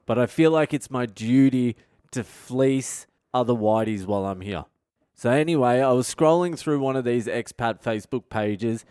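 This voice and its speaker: A man's voice: mid-range voice, mellow, clear, resonant tone, dry recording, clean studio sound. A middle-aged male comedian telling a story in a blunt, profane, self-mocking way as a podcast host. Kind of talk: comic storytelling monologue. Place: expat in a city abroad.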